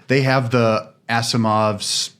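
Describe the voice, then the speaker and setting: A man's voice: mid-range voice, flat delivery, slow, fairly bright tone, clear, resonant tone. A man co-hosting a podcast in casual chat, joking and explaining with confidence. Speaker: podcast co-host.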